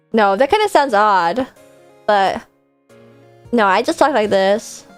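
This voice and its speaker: A woman's voice: mid-range voice, expressive, slow, long pauses, clear, resonant tone, faint music behind. A woman hosting a casual live-stream Q&A, chatty and rambling, with a self-deprecating streak.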